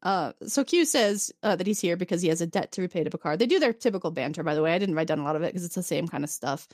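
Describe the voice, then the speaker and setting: A woman's voice: lowish voice, racing, no room sound, studio quality. A woman co-hosting a podcast, chatting casually as she recaps an episode and acts out the characters' lines. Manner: animated, acts out characters in quoted voices. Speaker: podcast co-host.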